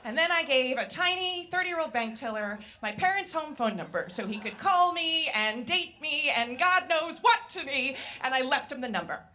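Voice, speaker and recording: A woman comedian telling a funny story on stage, acting out the people in it in quiet, lower voices. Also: lively intonation, normal speed, few pauses, slight background noise. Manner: acts out quoted voices, drops quiet and low for them. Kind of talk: live storytelling performance.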